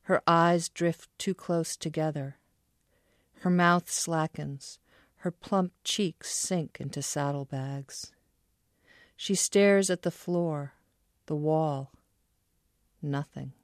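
Woman author reading slowly. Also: low-pitched, no room sound, studio quality. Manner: measured literary reading. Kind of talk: reading her own fiction aloud.

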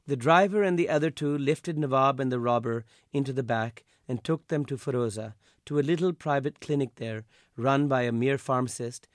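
A man, the author, reading his own literary story aloud in a measured, even way. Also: mid-range voice, dry recording, studio quality.

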